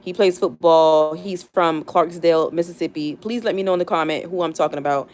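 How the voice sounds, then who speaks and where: A young American woman, not from the South, hosts a casual live stream and thinks aloud, full of fillers and restarts. Her voice is a little low for a woman, fairly quick and a little mellow, and she sounds near tears while staying chatty and reflective.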